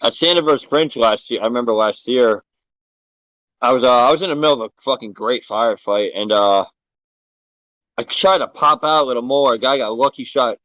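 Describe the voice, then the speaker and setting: A man guesting on a podcast, telling stories in an animated way with heavy swearing. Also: medium pitch, dry recording, poor audio. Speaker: guest, paintball event organizer. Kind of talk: casual podcast chat.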